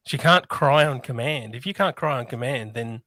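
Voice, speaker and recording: Bright-voiced blunt male co-host. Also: medium pitch, normal speed, dry recording. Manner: blunt, crude opinions. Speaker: podcast co-host. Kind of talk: casual chat.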